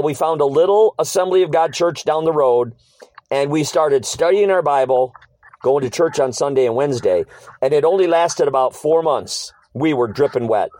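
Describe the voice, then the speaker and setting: A man's voice: on the high side, a little mellow, no echo. A middle-aged man telling his life story as an interview guest, earnest and casual, acting out old conversations and repeating short phrases.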